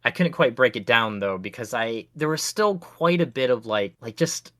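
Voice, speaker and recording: A man rambles easygoingly through a game review on a podcast, full of fillers and restarts. His voice is bright and forward, recorded dry and close. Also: medium pitch, expressive, moderate pace, dry recording. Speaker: podcast co-host. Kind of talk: casual game review chat.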